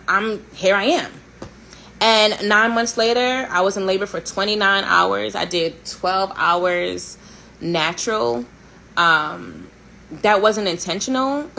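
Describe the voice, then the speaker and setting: A woman in her thirties, from a Haitian family, hosting a casual storytelling chat in a candid, sarcastic and animated way, swearing and laughing often. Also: fairly low pitch, slight background noise, low-quality recording. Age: 30s. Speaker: host.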